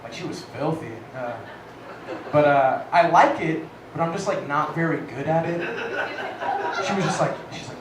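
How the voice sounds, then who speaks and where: Loud man doing stand-up comedy. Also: fairly high pitch, moderate pace. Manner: loud, self-mocking punchlines. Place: comedy club stage. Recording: echoey club, distant mic, loud noise.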